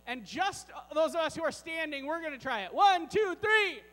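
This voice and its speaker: In a large church sanctuary, a man with a very high voice gives a lighthearted children's sermon, teasing the children and grown-ups alike. A long reverb trails his words, and a faint mains hum lies beneath. His delivery is fairly fast, pushed and bright, with lively intonation.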